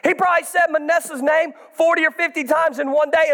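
A man in his thirties, a pastor preaching a sermon, building up to shouts for emphasis. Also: very high-pitched, brisk.

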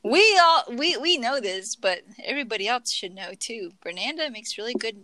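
A woman's voice: a little high, animated, moderate pace, bright, forceful tone, dry recording, rough recording. A woman co-hosting a podcast, telling stories casually and acting out quoted lines with laughter. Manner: storytelling with quoted asides and laughter. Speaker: podcast co-host. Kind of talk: casual chat.

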